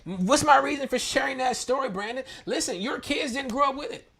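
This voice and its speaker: High-voiced man telling a candid story. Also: brisk, vocal fry. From Maryland, US. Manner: animated, laughing, slangy storytelling. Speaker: church podcast host.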